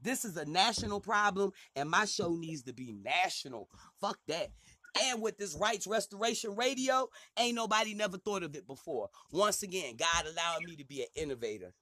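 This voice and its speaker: A man's voice: high voice, lively intonation, a little fast, bright, forceful tone, dry recording. A man hosting a talk radio show, ranting in a heated, profane way and stumbling over repeated words as he gets worked up.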